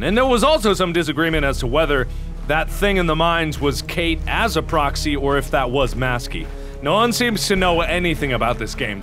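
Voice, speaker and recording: A young man commentating a horror game from his computer room, excitable, often yelling and joking. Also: a little high, moderate pace, soft background music. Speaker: gaming video host.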